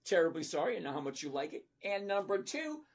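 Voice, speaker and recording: Husky-voiced trading streamer, mid-range pitch, casual and blunt, playful, repeats points for emphasis. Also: sing-song, fast talker. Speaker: stock trading livestream host. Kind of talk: casual livestream chat reading viewer comments.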